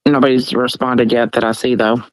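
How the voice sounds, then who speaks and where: A woman's voice: very deep voice, level tone, normal speed, no room sound, low-quality recording. A woman co-hosting a casual livestream, speaking hesitantly with many ums as she retells events. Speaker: livestream co-host.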